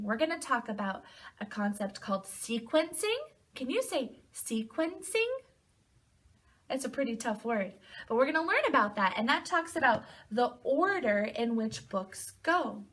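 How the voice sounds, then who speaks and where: A woman's voice: on the high side, bright, forceful tone. A woman teaching preschool, reading a picture book aloud and guiding young children through a lesson in an encouraging voice. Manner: slow, sing-song and encouraging, speaking to young children.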